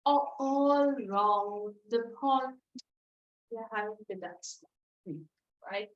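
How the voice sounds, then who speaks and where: A woman teaching a phonics lesson, repeating each sound slowly and emphatically and checking in with "right?". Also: on the high side. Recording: echoey, distant, dull lo-fi.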